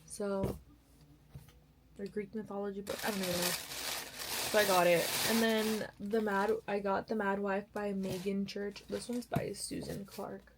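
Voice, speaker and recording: A woman's voice: mid-range voice, level tone, measured pace, background noise. A young woman chatting casually to camera about books she bought and is reading, rambling and correcting herself often, tired. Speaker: book vlogger.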